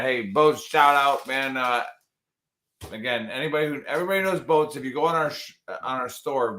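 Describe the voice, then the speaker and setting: A man with a bright, forceful voice hosts a live show. He jokes and rambles casually with his co-hosts. The sound carries a roomy echo. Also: medium pitch. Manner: loose, joking, rambling. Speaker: podcast host.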